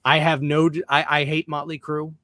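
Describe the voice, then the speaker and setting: A man's voice: fairly high pitch, little pitch movement, moderate pace, pushed and bright, dry recording. A man hosting a podcast in casual chat, ranting bluntly and emphatically with plenty of profanity. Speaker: podcast host.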